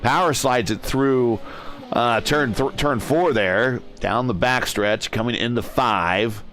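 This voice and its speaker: A man with a central Indiana accent giving relaxed, chatty play-by-play commentary on a sim race. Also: mid-range voice, slow pace.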